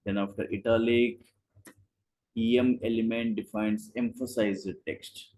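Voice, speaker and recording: Over a video call with poor audio, a man runs a live online coding class, breaking explanations into short steps and posing rhetorical questions. His voice is lowish with a darkish tone.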